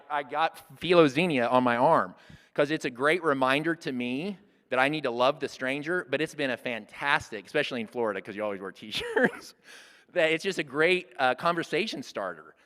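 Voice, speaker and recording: A man in his sixties teaches in an earnest, plain-spoken way, sometimes restarting a phrase mid-thought. His voice sits at a middle pitch for a man. A long hall reverb trails after his words. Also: a bit bright. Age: 60s. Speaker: church workshop speaker. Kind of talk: conversational teaching talk.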